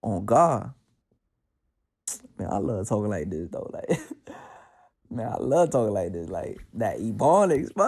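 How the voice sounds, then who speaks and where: Gravelly, mellow-voiced Bronx man. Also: lowish voice, sing-song, a little slow, pauses often. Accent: New York (Bronx). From The Bronx, New York. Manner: slangy, reflective, streetwise talk with many fillers. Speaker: podcast host. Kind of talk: casual spiritual monologue. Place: at home with his cat.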